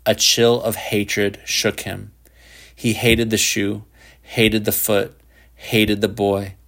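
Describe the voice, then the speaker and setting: A man reads literary fiction aloud in a low, measured voice. His storytelling is even and steady, steering clear of theatrics. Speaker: audiobook narrator. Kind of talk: literary audiobook narration.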